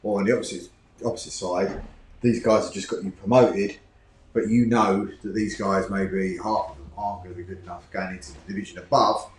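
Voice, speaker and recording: A man's voice: deep voice, steady tone, fairly quick. A man hosting a talk show, asking long, multi-part questions. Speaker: host. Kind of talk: interview questions. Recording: echoey room with faint noise.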